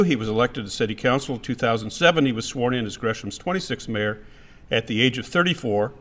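A man's voice: mid-range voice, a bit bright. A man chairing a committee who jokes lightly with the room, then reads a prepared introduction of the guest speaker at a business forum. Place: meeting room.

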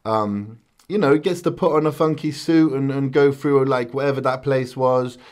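Excitable British man in slangy banter. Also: mid-range voice, normal speed. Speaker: reaction video co-host. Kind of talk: casual reaction chat.

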